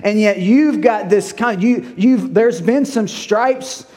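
High-voiced man preaching with folksy stories. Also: slow, dark tone. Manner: folksy storytelling with laughs and mimicked drill calls. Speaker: pastor. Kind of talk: sermon.

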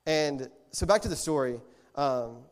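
A man giving a conversational sermon as a lay preacher, telling the story in a relaxed way and often correcting himself mid-sentence. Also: a little high, a little slow. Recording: long hall reverb.

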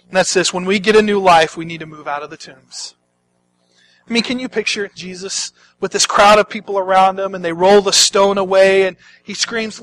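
Male pastor, sermon, dramatic delivery, high voice. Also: a little hiss or hum, rough recording. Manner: dramatic, swings from hushed to loud.

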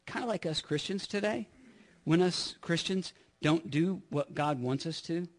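A man preaching a sermon in an earnest way, often repeating his words and swinging from loud to hushed. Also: a little high, unhurried.

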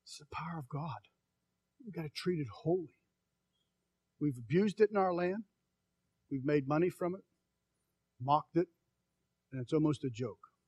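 A middle-aged man preaching a sermon with a fairly high voice. He tells homey stories, drops to near-whispers, then rises to loud, stretched-out calls. The sound is dry and close, with no room echo. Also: husky. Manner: swings from soft, slow quiet passages to loud emphatic calls; folksy, tells personal stories. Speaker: pastor.

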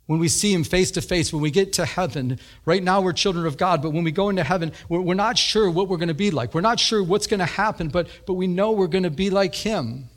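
Speaking a little fast with few pauses, this man preaches earnestly as a pastor in a church. He often repeats himself and lifts his voice higher for emphasis.

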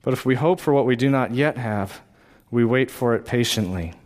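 A man's voice: mid-range voice, normal speed, a little mellow. A male pastor preaching a sermon, reading scripture and building to fervent exhortation with repeated rhetorical questions.

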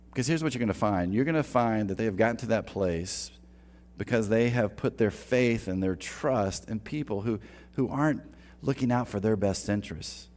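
A man's voice: fairly low pitch, darkish tone. A man preaching a sermon in a church, conversational and repeating words as he starts phrases. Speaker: pastor. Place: church sanctuary.

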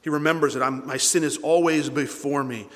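A male pastor preaching a sermon, animated, swinging between loud bursts and hushed asides. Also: a little high, brisk, in a large hall.

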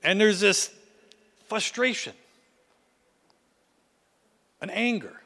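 A male preacher giving a dramatic sermon, swinging between loud and hushed delivery. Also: sits high, lively intonation, very slow, in a large hall.

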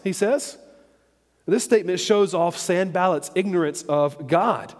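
A man's voice: high voice, expressive, normal speed, long reverb tail. A man teaching from a Bible chapter in a conversational sermon, often checking in with his listeners as he explains. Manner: conversational, checks in with "okay?" and "all right?". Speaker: preacher.

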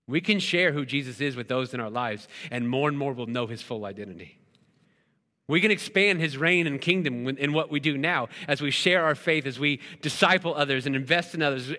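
A man in his thirties preaching in a church sanctuary, his bright, forceful voice sitting a little high. He mixes scripture with casual family stories, dropping "right?" to pull the listeners in. A long reverb trails each phrase through the hall. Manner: conversational storytelling with frequent "right?" asides. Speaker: pastor. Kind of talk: sermon.

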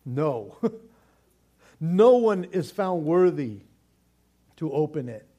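A man preaching a sermon in an animated, casual way, repeating words for stress and dropping in slang. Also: a little high, slow. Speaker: pastor.

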